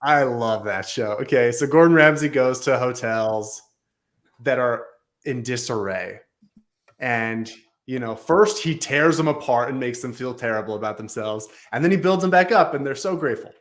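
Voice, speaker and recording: A man's voice: mid-range voice, lively intonation, normal speed. A man speaking as a guest on a business talk show, telling a story with emphatic repetition. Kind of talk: storytelling in conversation.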